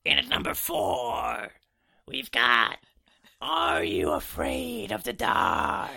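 A gravelly servile Igor. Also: male voice, huge pitch swings, pushed and bright, exaggerated voice. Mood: servile countdown. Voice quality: creaky, gravelly, wildly swooping pitch. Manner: drawn-out countdown, servile. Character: hunched hoarse male lab assistant Igor, servile. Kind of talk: comic podcast impression.

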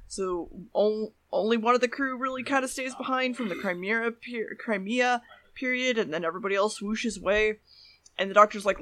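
High bright man recapping casually. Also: brisk, no echo. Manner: rambling plot summary, trailing off low at ends. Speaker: podcast co-host recapping episodes.

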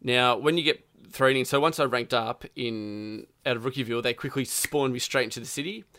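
A man talks through a video game in a loose, rambling way, dropping swear words and "like" and "um" as he goes. His voice sits at an ordinary middle pitch and is recorded dry, with no room sound around it. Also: brisk, pushed and bright, no echo. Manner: rambling, profane, full of fillers. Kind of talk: casual chat about a video game.

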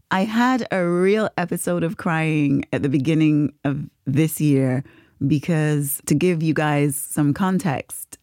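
A podcast host with a deep, slightly mellow voice tells a personal story in casual chat, laughing often and imitating other people's voices. The recording is dry, with clean studio sound.

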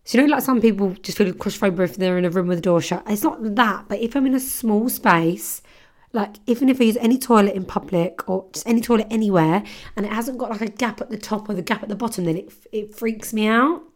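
A woman's voice: mid-range voice, quick pace. A young woman hosts her podcast alone and tells a story in loose, chatty speech. She swears freely and leans on filler words, with the easy pace of someone talking to friends. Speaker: podcast host. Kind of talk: casual storytelling monologue.

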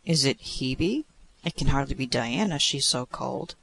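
A man reading aloud, voicing a playful young male god of love who teases and prods with quick exclamations. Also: medium pitch, lively intonation, gravelly, pushed and bright, exaggerated voice, poor audio. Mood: teasing.

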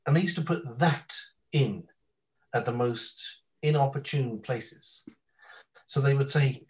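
Man, rambling anecdotes, casual podcast chat, average pitch. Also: measured pace, darkish tone, poor audio. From half English, half Irish. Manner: rambling storyteller, mimics voices in anecdotes. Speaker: podcast guest.

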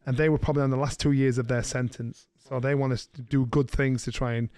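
A middle-aged man, co-hosting a podcast, telling a story in a lively way and slipping into the voices of the people he quotes. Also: medium pitch, fast talker, smooth, no echo. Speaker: podcast co-host. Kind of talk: casual storytelling chat.

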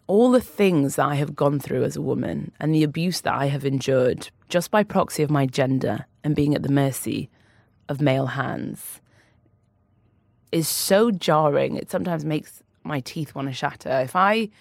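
A woman who is an author speaks openly and emotionally as a podcast guest, laughing between heavy admissions in a candid conversation. Her voice is low-pitched, and the clean studio sound has no echo.

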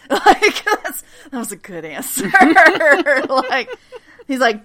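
A woman whose voice sits high speaks slowly while recapping a TV episode on her podcast. The chat is casual, and she acts out quoted lines animatedly between frequent laughs.

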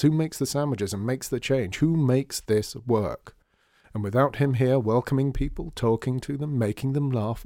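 Male reader as a persuasive man making his point, lively and mellow. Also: mid-range voice, no echo, clean studio sound, lightly acted. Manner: earnest, persuasive lecturing. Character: cheerful persuasive man, shop visitor.

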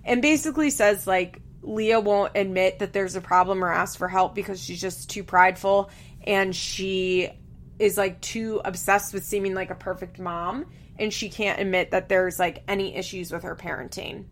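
Young female podcast host, casual and opinionated, mid-pitched, laughs easily. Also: steady tone, normal speed. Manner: chatty, opinionated, laughs often, lots of "like". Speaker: podcast host recapping a reality show. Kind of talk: casual recap chat.

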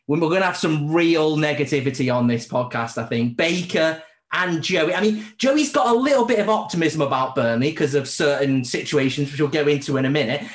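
A man's voice: fairly high pitch, brisk, roomy sound. Sweary laughing man hosting a podcast. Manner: laughing, sweary, rambling banter. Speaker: podcast host. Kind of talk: casual football podcast chat. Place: home during lockdown.

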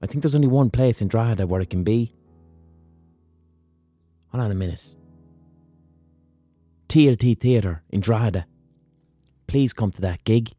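A man's voice: fairly low pitch, moderate pace, long pauses, warm tone, no echo, faint music behind. A man hosting a podcast in a casual monologue, swearing freely and ranting with self-mocking humour. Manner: profane, rants, self-mocking. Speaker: podcast host.

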